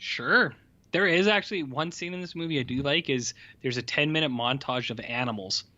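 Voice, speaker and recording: A man's voice: mid-range voice, a little fast, bright, forceful tone. Sweary, rambling man on a lo-fi podcast. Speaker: podcast co-host. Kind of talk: casual film review chat.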